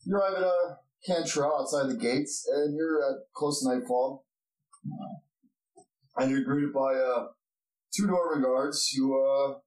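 A man's voice: medium pitch, unhurried, pauses often, darkish tone. A man narrating as game master of a tabletop game, rambling with many fillers. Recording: roomy distant mic with noise.

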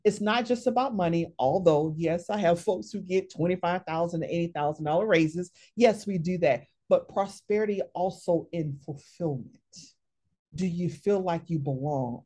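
Brief: woman career coach, interview guest, lowish mellow voice, emphatic storyteller. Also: slightly rough. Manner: lively, emphatic, frequent tag questions.

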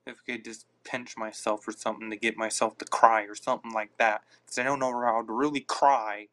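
A man's voice: fairly low pitch, flat delivery, brisk, a bit bright. A man hosting a casual live podcast on his phone, rambling and reacting aloud to listener comments. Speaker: podcast host.

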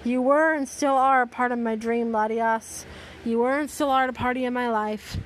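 A woman's voice: a little high, fairly even intonation, normal speed, a little hiss or hum, lightly acted. A woman voicing an anguished young man who grieves a lost love, read aloud with emphatic outbursts. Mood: remorseful.

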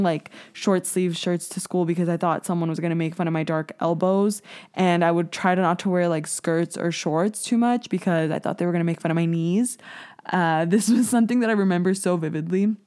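A woman's voice: on the low side, darkish tone, clean tone. Chatty, candid young woman podcaster. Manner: chatty and candid, with frequent "like" fillers and swearing; self-mocking, laughs at herself. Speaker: podcast host. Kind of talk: casual solo podcast monologue.

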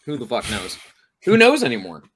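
A man co-hosting a podcast, animated and laughing, cursing casually. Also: medium pitch, brisk, slight background noise. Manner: animated, laughing, swears freely. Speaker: podcast co-host. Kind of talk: casual chat.

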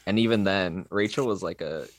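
A woman's voice: rumbling low, moderate pace. A young woman in casual conversation, self-deprecating and full of "like" fillers. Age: young adult. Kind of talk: casual chat.

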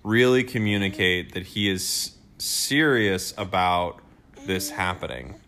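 A man's voice: deep voice, animated, takes it slowly, bright, forceful tone, a little hiss or hum. A man co-hosting a casual advice chat, joking around and rambling, often breaking into laughs. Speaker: podcast co-host.

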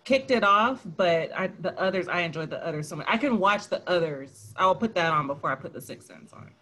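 A man's voice: high voice, expressive, brisk, sharp tone. A man co-hosting a podcast, chatting playfully and trying out joke accents. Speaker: podcast co-host. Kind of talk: casual chat.

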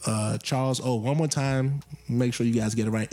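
A man's voice: medium pitch, steady tone, normal speed, few pauses, dark tone. A young man chatting casually on his podcast, joking and going off on rambling rants about his pet peeves. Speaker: podcast co-host. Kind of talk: casual chat.

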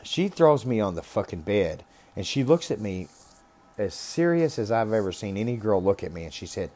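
A man's voice: fairly low pitch, sing-song, normal speed, darkish tone. A man casually telling a personal story in a blunt, rambling way, swearing constantly. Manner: talks about being raised rough.

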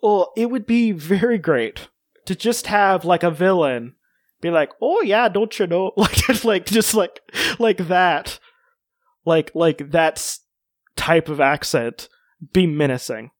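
A man's voice: fairly high pitch, slow, no echo, studio quality. A man hosting a podcast, chatting casually and jokingly with lots of fillers. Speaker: podcast host. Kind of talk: casual chat.

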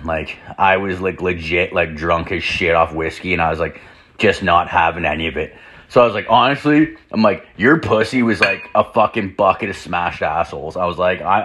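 A man's voice: deep voice, fairly bright tone. A young man telling a crude story in a rambling monologue at home, full of "like" fillers and swearing, while drinking. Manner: rambling, heavy filler "like", profane. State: drinking whiskey. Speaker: podcast host. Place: home room with door open.

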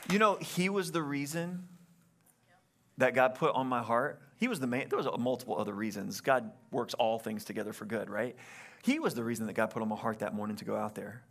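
A young adult man, a pastor, telling a story in a sermon in an animated way and acting out the quotes. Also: medium pitch, a little fast, a little hiss or hum.

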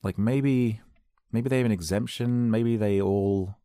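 Male podcast host, casual self-mocking rambler, gravelly tone. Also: on the low side, steady tone, measured pace, mellow, dry recording, studio quality. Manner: jokey, self-deprecating, slips into silly voices.

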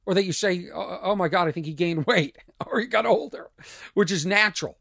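A middle-aged man with a strained voice, a comedian telling a rambling story on his podcast, dropping to mutters and rising loud again. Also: high-pitched, a little fast, gravelly, no echo, clean studio sound. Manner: animated, swings from muttering to loud. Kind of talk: casual storytelling monologue.

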